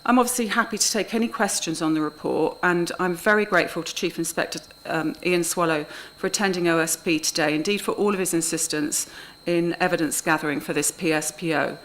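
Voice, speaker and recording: A woman officer giving a formal, measured presentation of a report at a council committee meeting in a council chamber. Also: lowish voice, poor audio. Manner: measured, precise, with small restarts.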